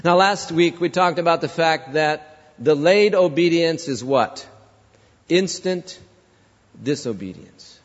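A man's voice: a little high, animated, slow pace. Man, pastor, sermon with rhetorical questions; lo-fi church hall sound. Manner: storytelling, rhetorical questions to congregation. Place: large church sanctuary. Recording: dull lo-fi reverberant church recording.

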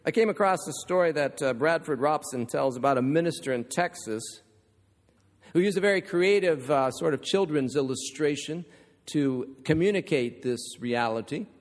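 A pastor with a voice on the high side preaches at normal speed, telling a story filled with rhetorical questions and humorous asides. The long reverb of a large hall surrounds him.

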